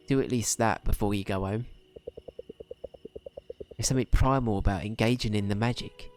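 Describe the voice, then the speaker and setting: A brash, teasing adventurer with a put-on Cockney accent, played live for a game by a man reading the lines aloud. The voice sits high and loud for him, jaunty and friendly, with a hint of a faint music bed underneath. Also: close to an everyday voice. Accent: put-on Cockney, slipping toward Australian. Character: cheerful seasoned adventurer, blunt and friendly.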